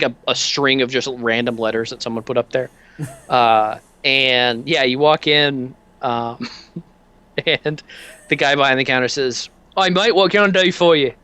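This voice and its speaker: A man's voice: mid-range voice, pushed and bright, smooth, no echo. A man narrating as game master, loose and laughing, with plenty of fillers.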